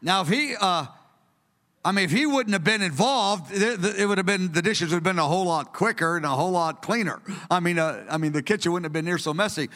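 A man in his sixties preaching a teaching sermon from printed notes, earnest and storytelling, with bursts of excited emphasis. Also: sits high, a little fast. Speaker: preacher teaching a study session. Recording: long reverb of a hall.

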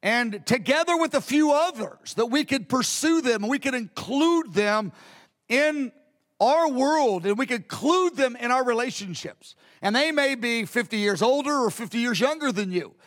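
A man with a very high voice preaches a sermon in an earnest, repeating manner, often circling back and restarting his phrases. His words ring with a long reverb from a large church hall. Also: lively intonation, normal speed, a bit bright. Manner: earnest, repetitive, with frequent restarts.

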